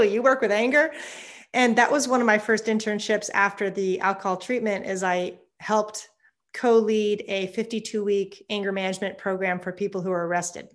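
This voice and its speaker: A woman in her fifties, a psychotherapist guest talking candidly in a conversational interview and laughing often. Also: mid-range voice. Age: 50s.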